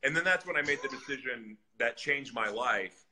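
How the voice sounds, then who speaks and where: A man guest on a podcast, candidly telling his personal story in an earnest, animated way. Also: mid-range voice, moderate pace, slight background noise, rough recording. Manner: earnest, animated, acts out shouted voices in retelling. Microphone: live stream, reads comments on screen.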